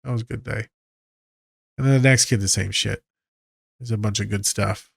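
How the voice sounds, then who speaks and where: A man's voice: on the low side, steady tone, normal speed, creaky, no echo, clean studio sound. A man, a therapist hosting a podcast, talking casually, candid and profane with a joking edge.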